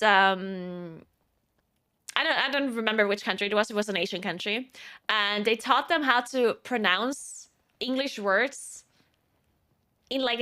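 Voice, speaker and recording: A woman's voice: a little high, sharp tone, clear, resonant tone. A woman streamer chatting casually in a rambling way, laughing often.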